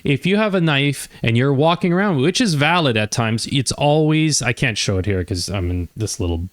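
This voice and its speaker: An older man, a retired chef, giving casual reaction commentary with unhurried talk, chuckles and restarts. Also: mid-range voice, lively intonation, no room sound, clean studio sound.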